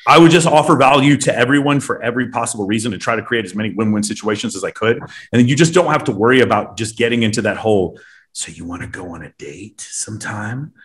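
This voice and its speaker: A man's voice: mid-range voice, fast talker, fairly bright tone. A man hosting a casual podcast, talking bluntly and emphatically with lots of swearing. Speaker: host.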